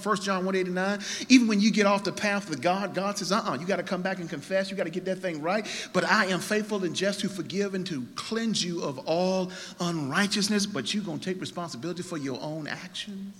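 A man preaching a sermon as pastor, emphatic, swinging between quiet and loud. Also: high voice, fairly quick, hardly any pauses, long reverb tail.

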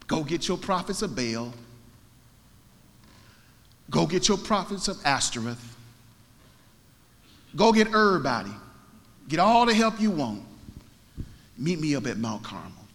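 A man's voice: a little high, animated, measured pace, creaky, pauses often, in a large hall. A man preaching voices a bold, confident male prophet who taunts his rivals in loose, modern slang. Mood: challenging.

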